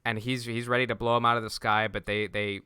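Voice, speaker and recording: A man's voice: fairly low pitch, little pitch movement, pushed and bright, clear, resonant tone, no echo. A man co-hosting a podcast, recapping scenes in casual chat and often restarting his sentences. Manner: recapping scenes at length with quick self-restarts. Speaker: podcast co-host.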